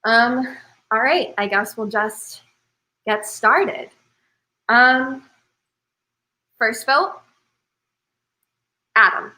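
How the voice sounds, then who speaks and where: A woman hosting an online game show, reading out the votes one by one over a video call in a measured, suspenseful way. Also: fairly high pitch, pushed and bright, low-quality recording. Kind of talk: announcing results.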